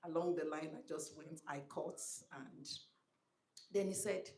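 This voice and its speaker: A woman telling personal stories in a tribute, animated and becoming emotional as she goes on. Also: deep voice, a little slow, roomy sound. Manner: animated retelling with acted quotes, becoming emotional. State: emotional, voice wavering. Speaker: speaker giving a tribute.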